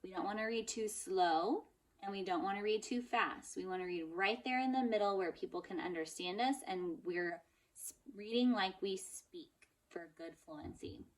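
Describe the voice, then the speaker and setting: Woman, elementary teacher, recorded phonics lesson; patient, encouraging, models sentences slowly. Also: medium pitch. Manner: slow, careful modeling of sentences; encouraging, asks and answers her own questions.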